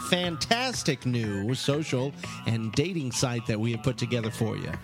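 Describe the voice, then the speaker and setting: A man's voice: medium pitch, animated, moderate pace. Guy cohosting a radio show, jokey, voice swings up and down a lot, faint music under it. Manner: joking, playful. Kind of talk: casual radio banter.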